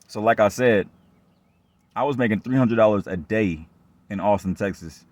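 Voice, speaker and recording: A man's voice: on the low side, moderate pace, a little mellow, dry recording. A young man telling his own story in a rambling, repetitive, profane rant, sounding aggrieved and distrustful. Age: young adult. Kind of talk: casual rant monologue.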